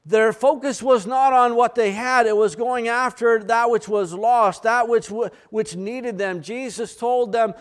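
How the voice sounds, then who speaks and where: A man's voice: very high voice, unhurried, few pauses. A man preaching a sermon, reading scripture aloud and adding earnest, plain-spoken asides.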